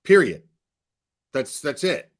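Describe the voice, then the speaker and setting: A man's voice: a little high, big pitch swings, takes it slowly, slight background noise. A man hosting a casual reaction commentary, explaining points in a matter-of-fact, lecturing way. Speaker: commentary host.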